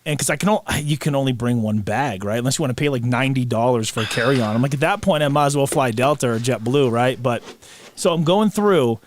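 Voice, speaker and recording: A man with a mid-range voice talks fast over a faint hiss or hum. Co-hosting a podcast, he tells a long, funny story in a casual chat, laughing mid-sentence as he animates the anecdote.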